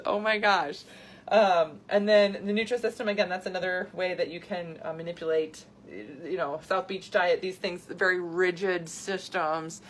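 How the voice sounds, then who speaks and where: This is a woman in her thirties, a health coach who also hosts a podcast, running a relaxed live video. Her pitch sits on the low side and her pace is measured, yet she's lively and chatty, reacting eagerly to what viewers write.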